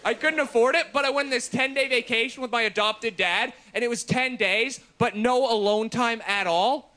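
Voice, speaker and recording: A man in his twenties doing a stand-up routine on a TV comedy show, deadpan with sudden shouted bursts. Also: extremely high pitch, normal speed, slight background noise. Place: TV studio stage before an audience.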